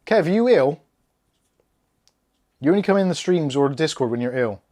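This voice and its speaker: A man's voice: on the high side, lively intonation, normal speed, mellow. Chatty man reading stream comments. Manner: casual, chatty, reads out viewer comments while working. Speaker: tech channel host. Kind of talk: live-stream PC build chat.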